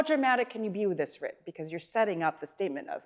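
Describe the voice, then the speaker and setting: A woman's voice: medium pitch, expressive, fast talker. A woman teaching a violin masterclass, coaching a student with short encouraging cues and singing phrases to demonstrate. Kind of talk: coaching over live playing. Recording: loud violin and piano playing behind.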